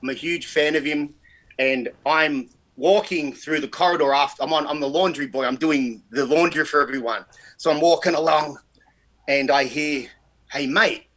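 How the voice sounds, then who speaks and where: Animated Australian man with a bright voice. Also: fairly high pitch, normal speed, poor audio. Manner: animated, swears freely. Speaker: guest. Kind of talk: casual storytelling chat.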